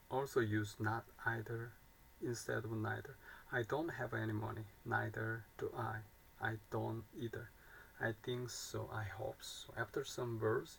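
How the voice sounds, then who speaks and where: A man with a low, gravelly voice reads grammar examples aloud in a flat, even tone. He halts, repeats and corrects himself as he goes. Faint noise hums behind him. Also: poor audio. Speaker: learner reading grammar aloud.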